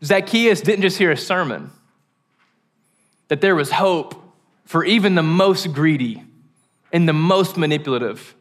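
A man preaching a sermon, animated and joking, acting out the quoted voices. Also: fairly high pitch, a little slow, pauses often.

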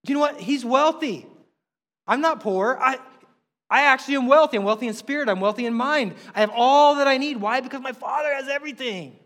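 A middle-aged man, a pastor, preaching a sermon in a conversational, animated way with emphatic rises. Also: very high voice, a little fast. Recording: long hall reverb.

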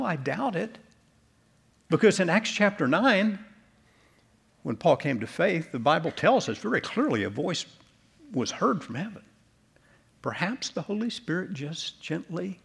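A male pastor delivering an earnest sermon in a church, closing in soft prayer. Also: high-pitched, creaky, slightly rough.

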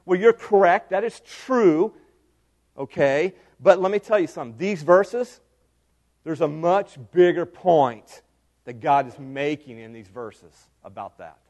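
A man pastor preaching a sermon, animated and swinging from loud emphatic lines to hushed ones. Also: on the high side, unhurried.

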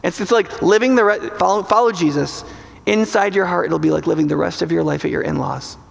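A man preaching a sermon in an animated, joking way, now and then acting out inner voices. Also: high-pitched, brisk, gravelly. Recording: large hall with long reverb.

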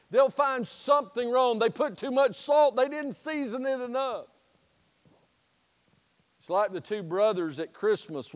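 A man preaching a sermon as pastor, telling a folksy story in an animated storytelling manner. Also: sits high, in a large hall. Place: church sanctuary.

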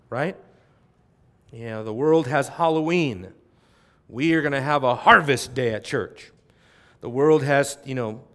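A man preaching with a high-pitched voice and real fervor. He swings from loud, pressing emphasis to quiet asides, and talks straight to his congregation like he is chatting with them. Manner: speaks straight to the audience, with quick conversational asides. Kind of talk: sermon.

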